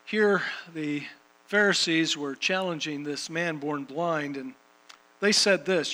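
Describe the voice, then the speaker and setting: A man's voice: a little high, measured pace, pushed and bright, poor audio. A man preaching a sermon and reading scripture, emphatic, repeating phrases for rhythm.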